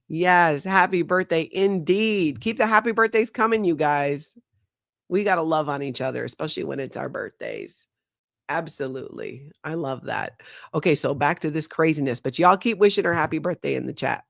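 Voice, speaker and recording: A woman hosting a livestream, chatting with viewers and retelling a story in an animated, conversational way. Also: sits low, moderate pace, vocal fry, dry recording, clean studio sound. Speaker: host. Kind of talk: livestream commentary.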